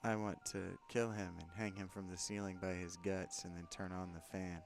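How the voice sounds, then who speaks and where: A man's voice: low voice, little pitch movement, moderate pace, music in the background. A man casually commenting on a game he plays, with dry sarcastic asides. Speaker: let's play commentator.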